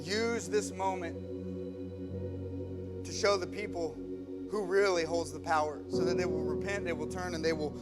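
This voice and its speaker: A man's voice: high voice, fairly even intonation, moderate pace, pauses often, loud music behind the voice. A male pastor preaching a sermon, emphatic, acting out the scenes he tells. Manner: emphatic, acts out scripture scenes. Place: church.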